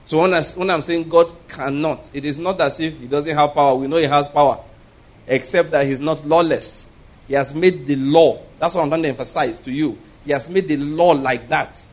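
A man delivers a sermon with an emphatic storytelling manner. His voice sits a little higher than most men's, and he often breaks into chuckles as he drives his points home. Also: steady tone, moderate pace, poor audio. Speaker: preacher.

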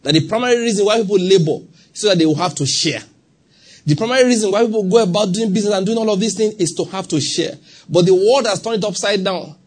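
A Nigerian man preaching a sermon in a church. His voice is husky and sits a little high. He acts out small scenes and keeps checking that the congregation is following him. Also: fast, darkish tone. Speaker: pastor.

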